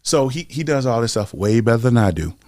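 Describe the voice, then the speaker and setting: A man's voice: mid-range voice, big pitch swings, fast, darkish tone, dry recording, clean studio sound. A man in a casual group chat, telling long, rambling, profane jokes and stories. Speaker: stand-up comic in group chat.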